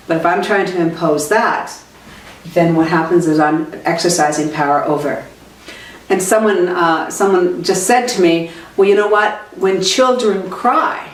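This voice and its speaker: A middle-aged woman, a sales trainer, talking reflectively in a podcast monologue, often correcting herself mid-sentence. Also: lowish voice. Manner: reflective, conversational, with self-corrections. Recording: roomy, distant from the mic.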